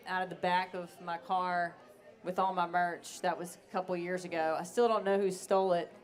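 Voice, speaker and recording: A woman's voice: lowish voice, little pitch movement, normal speed. A woman singer-songwriter, talking candidly and bluntly between songs on a live stage. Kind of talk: between-song stage talk.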